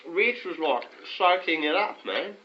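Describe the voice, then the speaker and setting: A man's voice: fairly high pitch, animated, unhurried, highs cut off. A man telling a crude, rambling story in an improvised comedy skit, full of slang, recorded on a home video camera.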